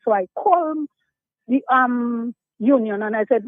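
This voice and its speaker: A woman's voice: on the high side, moderate pace, no echo. An older woman calls a radio show, talking emotionally and emphatically about her grievances. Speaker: radio caller. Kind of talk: call-in complaint. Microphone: telephone. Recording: tinny dry phone line.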